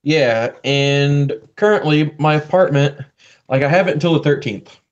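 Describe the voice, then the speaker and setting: A man's voice: fairly high pitch, normal speed. Laid-back young man, dull call audio. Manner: laid-back, swears, says "like" a lot. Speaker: podcast co-host. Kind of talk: casual chat.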